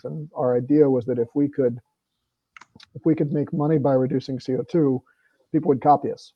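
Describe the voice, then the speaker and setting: A man's voice: mid-range voice, no room sound. Plainspoken man on a dull video call. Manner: earnest, plainspoken, with frequent restarts. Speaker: congressman guest. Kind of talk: conversational talk at a virtual meeting.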